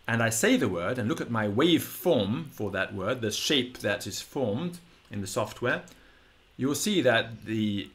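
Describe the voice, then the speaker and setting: A man who speaks English natively, teaching in a patient, digressive style and slowly drawing out example words. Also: medium pitch, a bit bright. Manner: patient, digressive explaining with slow drawn-out model words. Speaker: Latin teacher. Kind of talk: explanatory audio lesson.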